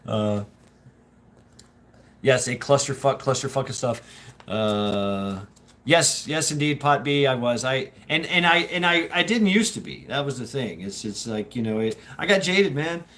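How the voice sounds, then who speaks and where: A man's voice: medium pitch, lively intonation, a little slow, fairly bright tone. A man hosting a casual live stream, chatting with viewers in a rambling, profane way, laughing often and restarting his sentences. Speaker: streamer host.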